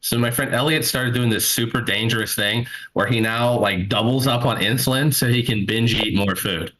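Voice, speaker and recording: Doing stand-up from home over a video call, a comedian in his thirties sits at his computer and talks into its mic. His voice is medium-pitched and fairly bright at a moderate pace, with slight background noise and poor audio. His stories ramble, poke fun at himself, and carry many fillers.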